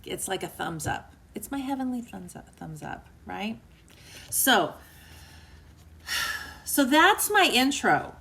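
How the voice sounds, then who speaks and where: A woman's voice: fairly high pitch, very animated, slow pace, vocal fry, pauses often. A woman author hosting a book club livestream, giving a heartfelt motivational talk to live viewers in an emotional, earnest way and reading out their comments. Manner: emotional and earnest, dips quiet and soft; chatty, reads out viewer comments.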